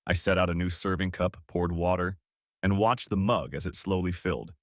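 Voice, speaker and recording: A man's voice: deep voice, moderate pace, dry recording, studio quality. A man narrating a dramatic first-person audiobook story in a bitter, intense manner.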